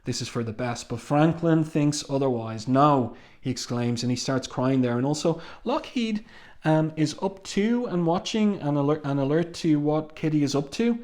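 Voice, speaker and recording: Halting man reviewing comics. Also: fairly high pitch, animated, dark tone. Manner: halting, with many ums and restarts. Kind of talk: casual read-along review.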